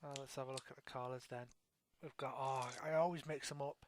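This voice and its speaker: A man's voice: mid-range voice, steady tone, fast, a little hiss or hum. A man hosting a casual internet radio chat show, rambling with lots of restarts. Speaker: talk show host.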